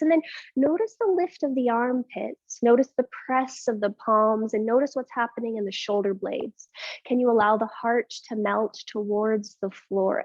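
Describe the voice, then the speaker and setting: Woman yoga instructor, higher voice, candid and calm, talking a class through breathwork; dull dry lo-fi audio. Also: dry recording. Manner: calm, breath-led cueing; candid, rambling asides. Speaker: yoga teacher.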